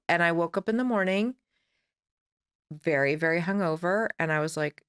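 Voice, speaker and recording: Woman, forties, podcast guest, lowish voice, candid rambling storytelling. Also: moderate pace, a bit bright, smooth. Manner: candid, rambling, acts out her own past dialogue.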